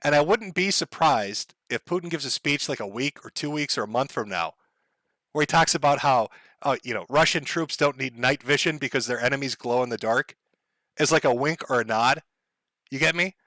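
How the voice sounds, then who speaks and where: Profane rambling man, bright, sharp voice. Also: mid-range voice, animated, moderate pace, dry recording. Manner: rambling, profane, laughs often. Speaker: streamer. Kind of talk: casual rant to a live chat.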